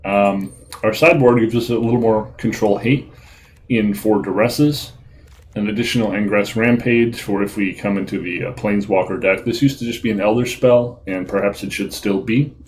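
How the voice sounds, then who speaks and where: Low-voiced man casually commenting gameplay. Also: moderate pace, slight background noise, poor audio. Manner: relaxed, self-deprecating, frequent ums and uhs. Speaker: gaming video host.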